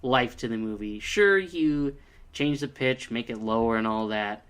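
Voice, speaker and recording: A man's voice: mid-range voice, a little slow, a bit bright, clear, resonant tone. A man giving a casual spoken review, hesitant, with frequent ums and restarts. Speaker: video reviewer.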